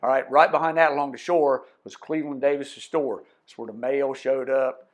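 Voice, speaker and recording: A man's voice: mid-range voice, fairly even intonation, moderate pace. A man telling folksy tall tales to a live audience, speaking to them directly as co-host. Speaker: storyteller co-host. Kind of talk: live storytelling before an audience. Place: museum parlor talk.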